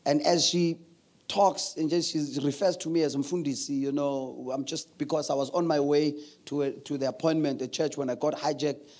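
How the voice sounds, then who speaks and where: High-voiced pastor preaching. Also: male voice, steady tone, normal speed, darkish tone. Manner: storytelling, laughing, acting out voices. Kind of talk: sermon. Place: church.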